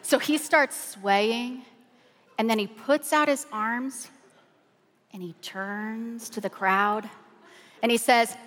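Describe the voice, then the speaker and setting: A woman pastor preaching with an animated, excited, chatty way of telling funny stories from the pulpit. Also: fairly high pitch, slow, long pauses. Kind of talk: humorous sermon storytelling. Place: large church auditorium. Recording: long reverb of a large hall.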